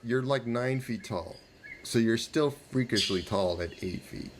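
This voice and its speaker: A man running a tabletop game as game master, asking players quick questions with restarts and laughs. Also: noisy background. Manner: quick questions, restarts, laughs, jumps to high goblin voices. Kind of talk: narrating a tabletop game, putting on guard voices.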